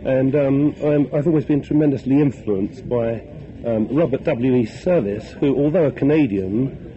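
A man's voice: medium pitch, normal speed. A man from North London, a guest on a live radio interview, talking hesitantly and earnestly with many ums while he has a bad cold. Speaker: radio phone-in guest, poet and author. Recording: dull old radio broadcast with noise.

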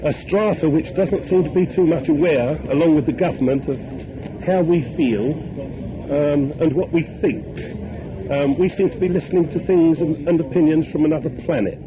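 A man from North London speaks as a radio guest, earnest and hesitant, filling his answers with ums while he nurses a heavy cold. It sounds like a dull old radio broadcast with clear hiss behind it. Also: a little high, moderate pace. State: has a bad cold. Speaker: radio phone-in guest, poet and author. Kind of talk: live radio interview.

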